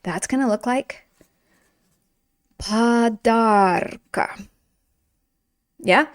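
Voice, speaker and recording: A woman's voice: a little high, animated, moderate pace, no room sound, clean studio sound. A woman teaching a video language lesson in an upbeat, encouraging, chatty way while writing on a board.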